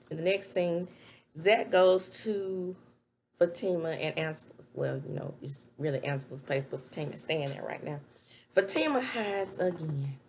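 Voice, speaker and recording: A woman recapping a TV show in casual, animated chat from a home webcam setup. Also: low voice, slight background noise. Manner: chatty, animated, laughs while retelling scenes. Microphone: webcam setup with ring light.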